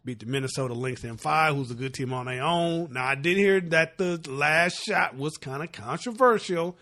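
A man's voice: on the high side, moderate pace, bright, forceful tone. A man hosting a sports podcast, running through topics in a loose, casual way. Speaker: podcast co-host.

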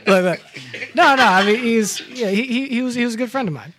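A man telling a story on a panel, halting and repeating his words. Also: very high voice, a loud crowd. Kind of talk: casual panel talk with storytelling.

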